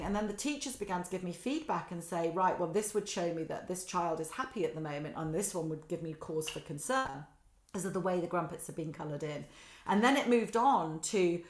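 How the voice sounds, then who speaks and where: Lively woman, roomy sound. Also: fairly low pitch, fairly quick. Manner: animated storytelling, quotes others in lively voices. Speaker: guest, children's author. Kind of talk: casual podcast conversation. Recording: roomy echo.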